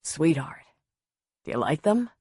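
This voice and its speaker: A woman voicing a tender, composed grown man who speaks gently and softly in a husky, slow voice. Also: deep voice, big pitch swings, no room sound, clean studio sound, full character voice.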